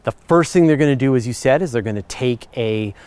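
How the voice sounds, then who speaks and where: A man's voice: mid-range voice, lively intonation, a little fast, a little mellow, clear, resonant tone. A middle-aged man hosting a podcast, answering listener questions in a chatty, enthusiastic way with fillers and self-corrections. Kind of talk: casual explanatory chat.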